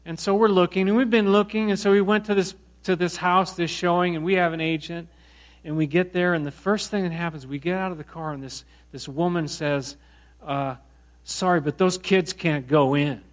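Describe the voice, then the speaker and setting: A middle-aged man preaching a sermon, telling a personal story in a conversational, animated way with many restarts. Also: high-pitched, brisk. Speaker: pastor.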